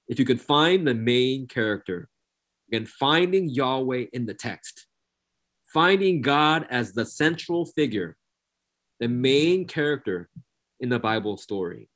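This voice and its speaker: A man's voice: medium pitch, lively intonation, unhurried, fairly bright tone. A man preaching a sermon who reads scripture aloud and repeats key phrases for emphasis.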